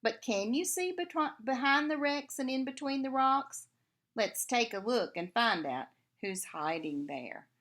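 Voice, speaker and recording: A woman reading a children's picture book aloud in an expressive, animated way, adding sound effects. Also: a little high, measured pace.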